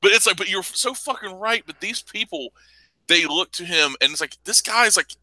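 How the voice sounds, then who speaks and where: Man, very bright tense voice, crude, mocking, podcast chat. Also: high-pitched, expressive, moderate pace, poor audio. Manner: crude, mocking, laughs often. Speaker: podcast host. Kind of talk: casual profane chat.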